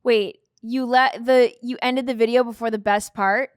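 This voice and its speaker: A woman's voice: on the high side, steady tone, normal speed, heavy background noise. A woman hosting a live-stream commentary show, chatting in an opinionated way and reading out viewer comments. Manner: opinionated, conversational, reads out comments. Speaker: host.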